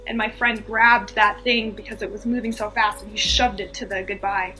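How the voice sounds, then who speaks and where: A woman's voice: mid-range voice, fairly even intonation, moderate pace, over music. A woman from the US East Coast, a podcast guest, telling a personal story earnestly and with feeling, repeating phrases for emphasis.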